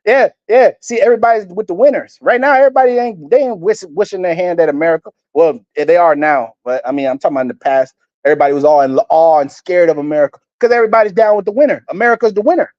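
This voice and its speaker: Male preacher reading verses with rough, profane asides; fairly high pitch, close and dry. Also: expressive, fast talker, hardly any pauses, darkish tone, dry recording, muffled recording. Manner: blunt, crude and rambling, often stumbling over words. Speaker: street preacher. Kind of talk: scripture reading with profane commentary.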